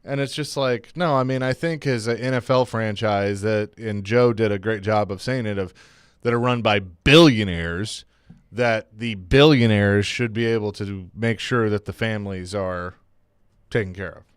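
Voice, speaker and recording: A man co-hosting a casual sports talk radio show in a studio, opinionated, halting and restarting, reading listener texts aloud. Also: fairly low pitch, clean tone, dry recording. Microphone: studio mic.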